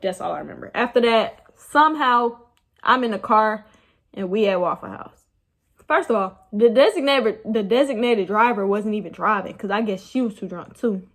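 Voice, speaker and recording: A young woman, casually telling a rambling, animated story about her night out. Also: mid-range voice. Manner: animated, rambling, laughs at herself. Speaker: vlogger.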